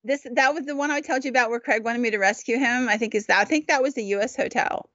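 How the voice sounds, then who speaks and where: A woman co-hosting a podcast, chatting casually and telling animated stories about paranormal investigations. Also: quick pace, no room sound, muffled recording. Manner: animated, acts out quotes in high voices. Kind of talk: casual chat, storytelling.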